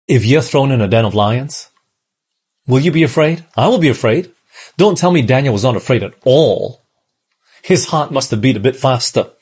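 A man's voice: mid-range voice, darkish tone, husky. A man from Australia, preaching a sermon in a conversational way and often checking in with the listeners. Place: church in Malaysia.

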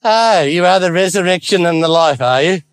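A man's voice: sits high, expressive, moderate pace, clear, resonant tone, dry recording, clean studio sound. A man voicing a scheming male devil who barks orders at his servants. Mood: defiant. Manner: barking orders, indignant. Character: scheming male devil, bossy underworld chief.

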